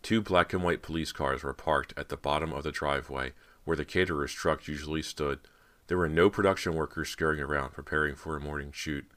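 Very deep bright male narrator. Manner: steady, measured storytelling. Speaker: audiobook narrator. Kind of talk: scripted audiobook narration.

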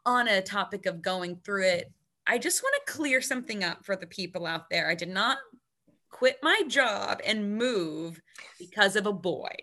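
A woman's voice: medium pitch, animated, normal speed, bright, forceful tone. A young woman co-hosting a podcast, telling candid, self-deprecating stories in casual chat. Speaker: podcast co-host.

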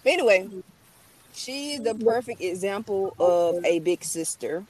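A woman's voice: mid-range voice, lively intonation, unhurried, darkish tone, poor audio. A woman speaking by phone on a livestream, giving a friend a tribute in slangy, joking talk with a bit of shade. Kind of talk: casual livestream chat.

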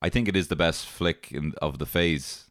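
A man with a very low, deep voice talks films in a loose, animated way, swearing freely and slipping into quoted lines. The recording is dry and close, with no room sound. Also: moderate pace, no room sound. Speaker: podcast co-host reviewing films. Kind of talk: casual chat.

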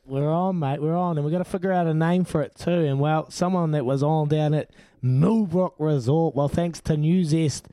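A man's voice: fairly high pitch, moderate pace, hardly any pauses, dark tone, dry recording. A man with a New Zealand accent co-hosting a radio show, joking and calling everyone mate. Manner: matey, joking, calls people mate. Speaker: radio co-host. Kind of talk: casual radio banter.

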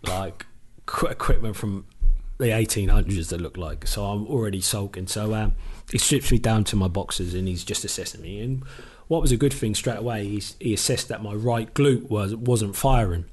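A man's voice: lowish voice, normal speed, hardly any pauses, darkish tone, husky. A middle-aged man, a former footballer, casually telling a long story on a podcast, swearing freely and acting out what others said to him. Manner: swears freely, retells with quoted dialogue.

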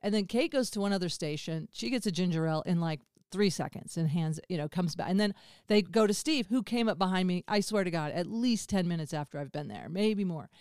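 Podcast host, woman in her fifties, animated storyteller, clear tone, dry recording. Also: on the low side, fairly quick, no echo. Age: 50s. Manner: animated, swears freely, acts out dialogue. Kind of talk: candid conversational storytelling.

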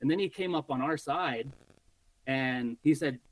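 A man guesting on a podcast, telling a hunting story in an animated, casual way and swearing freely. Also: medium pitch, unhurried, no echo, poor audio.

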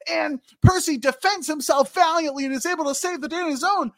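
A man co-hosting a casual podcast recap, who retells episodes with sarcastic, animated storytelling. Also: very high voice, a little fast, no room sound, studio quality. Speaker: podcast co-host.

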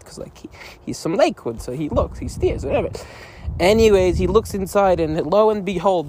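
A man's voice: a little high, a little mellow, slight background noise. A man hosting a comedy podcast, telling a rambling, mock-outraged story and laughing at his own jokes. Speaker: podcast host. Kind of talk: comedic monologue in character.

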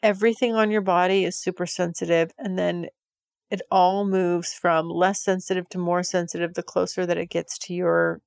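A woman's voice: fairly low pitch, little pitch movement, normal speed, creaky, clear, resonant tone, no echo, clean studio sound. A woman hosting a podcast, talking frankly in a rambling monologue full of filler words. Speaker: podcast host. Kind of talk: candid monologue.

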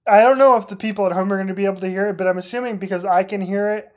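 A co-host of a casual sports podcast, easygoing and amused, laughing along. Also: male voice, sits high, fairly even intonation, rapid-fire, darkish tone. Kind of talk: casual chat.

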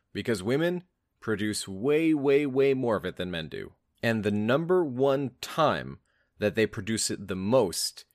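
A man's voice: fairly low pitch, dry recording, studio quality. A man hosting his own channel as a relationship coach, explaining step by step and speaking straight to his viewers. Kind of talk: explanatory talk to camera.

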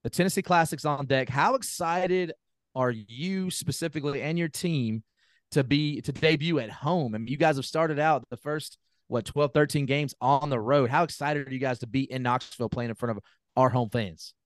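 A man's voice: medium pitch, moderate pace, no echo, clean studio sound. A man hosting an interview, asking long, enthusiastic questions in a folksy, casual way. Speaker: podcast host.

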